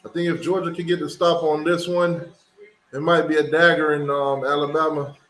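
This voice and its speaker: Excitable man calling football plays. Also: fairly high pitch, moderate pace, roomy sound, rough recording. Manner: excitable, shouts during big plays. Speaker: watch party host. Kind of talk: casual play-by-play commentary.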